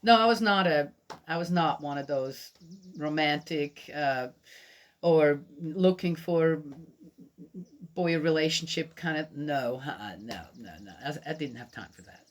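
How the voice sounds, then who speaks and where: Speaking a little slowly in a deep voice, a middle-aged woman from Switzerland delivers a Bible lesson in the form of a storytelling sermon. She chats and laughs through personal stories and asks her listeners questions.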